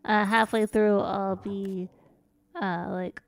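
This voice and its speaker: A woman's voice: mid-range voice, steady tone, takes it slowly, gravelly, no room sound. A woman streaming a game and chatting casually, rambling along with frequent giggles and calling herself by her own nickname. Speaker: VTuber streamer.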